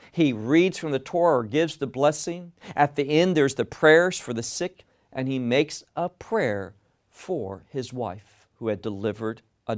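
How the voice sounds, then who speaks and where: A man's voice: a little high, a little mellow. A man teaching a Bible passage in sermon style, emphatic, often asking questions and answering them himself. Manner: emphatic, asks and answers his own questions.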